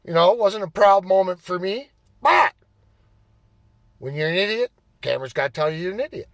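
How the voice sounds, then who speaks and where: A man telling a personal story in a casual, profane way, getting animated and raising his voice as he relives the anger. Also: high-pitched, a little fast, no room sound. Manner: animated, swearing, bursts into shouting when reliving anger. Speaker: storyteller recounting his playing days.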